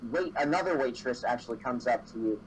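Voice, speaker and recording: A man's voice: mid-range voice, expressive, fast talker, a little hiss or hum, poor audio. A man narrating as game master of a tabletop game, meandering with many fillers and self-corrections.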